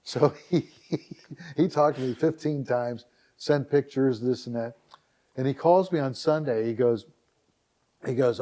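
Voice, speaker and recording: Middle-aged guy from ohio spinning a yarn, acts out who said what, warm low-key voice. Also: unhurried. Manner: lively anecdotal, acts out dialogue with "I go, he goes". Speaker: podcast guest. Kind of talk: casual storytelling.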